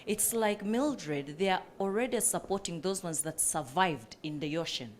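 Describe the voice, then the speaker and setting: A woman's voice: fairly low pitch, lively intonation, normal speed, a little hiss or hum. A woman panelist who runs a coffee business, speaking earnestly and with passion at a panel discussion, with many fillers.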